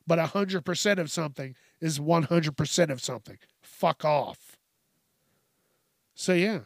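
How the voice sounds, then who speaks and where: A podcast host with a slightly high voice and vocal fry speaks at a measured pace, recorded in clean studio quality with no echo. His casual, comic rant is full of swearing, and he laughs between lines.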